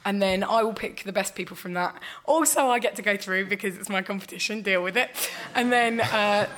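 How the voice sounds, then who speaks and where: Bright-voiced woman chatting on stage. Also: mid-range voice, a little fast, slight background noise. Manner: chatty, laughing, self-mocking. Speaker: comedian guest. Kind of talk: casual stage interview. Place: live venue stage with audience.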